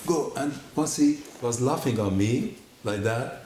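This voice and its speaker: Guy telling his testimony in a church, voice jumps high when he quotes people, echoey hall, bit of hiss. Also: measured pace. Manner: animated storytelling, acting out quotes with big pitch jumps. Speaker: guest giving a testimony. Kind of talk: personal testimony story.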